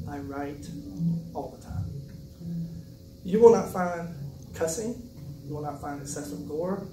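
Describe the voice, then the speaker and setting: A South Carolina author with a creaky, fairly high-pitched voice gives a casual, joking talk about his writing. It's personal storytelling, conversational in manner and full of asides. The sound, recorded indoors at an event venue, is roomy and noisy, with a distant mic.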